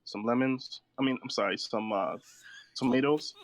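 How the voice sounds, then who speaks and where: A man in casual chat, laid-back and halting, often restarting his words. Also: medium pitch, no echo. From New York.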